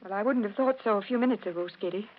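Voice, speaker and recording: An actress as a gentle woman doctor. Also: medium pitch, racing, lightly acted. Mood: pleading. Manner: soft, pleading. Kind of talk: 1940s radio acting. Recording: dull old radio recording.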